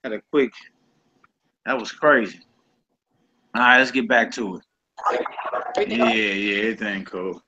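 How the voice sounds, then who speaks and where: A man's voice: lowish voice, unhurried, long pauses, pushed and bright, slight background noise. A man leading a casual group lesson in a laid-back, colloquial way, often repeating himself. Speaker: Hebrew teacher. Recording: dull lo-fi recording.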